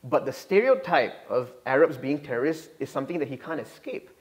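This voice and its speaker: An earnest young man answers interview questions. He explains at length and often restarts his sentences. His voice sits at an ordinary middle pitch. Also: animated, a little fast. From Singapore. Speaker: guest.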